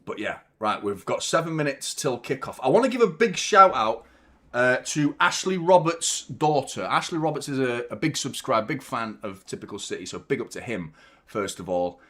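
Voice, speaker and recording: Guy hosting a footy watchalong, chatty and nervy, giving shout outs to chat. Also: medium pitch, normal speed. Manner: chatty and excitable, nervous before the match. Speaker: host of a football fan channel. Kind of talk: live watchalong chat reading viewer messages. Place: hot glass-walled room.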